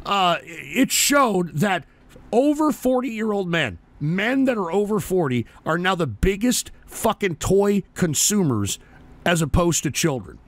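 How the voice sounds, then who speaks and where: A belligerent man hosting a call-in show, his voice pitched high and swinging wildly up and down as he rants. He is loud, profane and mocking, and he sounds dry and close to the mic with no room around him. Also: sing-song, unhurried, no echo. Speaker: radio show host. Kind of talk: combative call-in radio rant.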